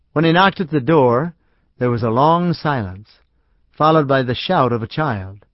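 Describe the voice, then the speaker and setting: A man reading a short story aloud as an audiobook narrator, in an even, measured way. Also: mid-range voice, no room sound. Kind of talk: scripted narration. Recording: dry, slightly dull studio audio.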